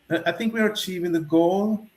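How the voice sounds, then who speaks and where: A Jamaican man with a noticeably high voice, a festival founder interviewed on a talk show. He talks in an animated, storytelling way, often restarting his sentences, and his voice rings in an echoey room. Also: moderate pace, a little hiss or hum.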